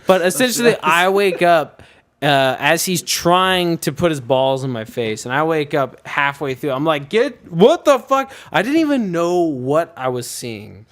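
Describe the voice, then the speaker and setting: A man in his twenties telling a story in casual podcast chat, excited and swearing, often breaking into laughter. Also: on the high side, a little slow.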